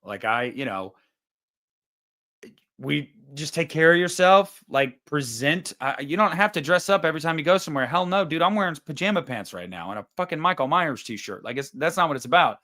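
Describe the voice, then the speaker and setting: A man's voice: fairly high pitch, animated, a little fast, bright, forceful tone. A man in his thirties hosting a livestream, chatting casually in a rambling, profane and joking way. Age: 30s. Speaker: livestream host.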